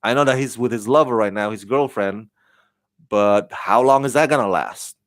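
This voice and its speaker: A man's voice: on the low side, normal speed, no echo. A man giving a casual spoken TV review, rambling and repeating words as he thinks aloud. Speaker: TV show reviewer.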